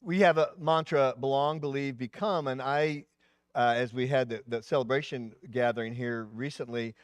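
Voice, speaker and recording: A man in his sixties, a pastor giving a sermon in an animated preaching style, his voice rising and dropping, with asides. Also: mid-range voice, moderate pace, clean tone, no echo.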